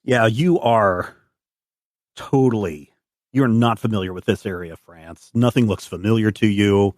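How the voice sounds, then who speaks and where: A man's voice: fairly low pitch, measured pace, no room sound. Guy game-mastering a tabletop game, laid back, lots of uhs, dry close sound. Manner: relaxed and descriptive, with fillers.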